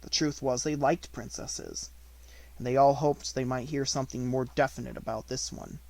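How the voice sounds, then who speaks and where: A man narrating a children's classic in an even, measured reading. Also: medium pitch, vocal fry, no room sound. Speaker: audiobook narrator. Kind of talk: unabridged audiobook reading.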